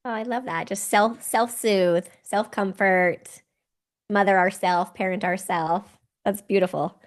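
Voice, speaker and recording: A woman's voice: medium pitch, fairly even intonation, measured pace. A woman hosting a podcast, reacting enthusiastically and affirming her guest. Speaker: podcast host. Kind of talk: casual podcast chat.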